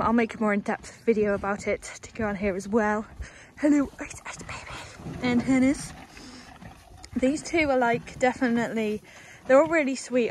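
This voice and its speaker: A young woman who works at a stable gives a walking tour of a horse yard, chatting casually and rambling as she coos at the animals. Her voice is a little high, with a faint hiss or hum in the audio.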